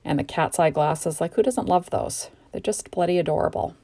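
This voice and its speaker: Narrating a home crafting tutorial, a middle-aged card-making crafter from Canada sounds sleepy and yawns as she chats and gushes. She speaks at a moderate pace in a warm, lower voice and wanders into rambling asides.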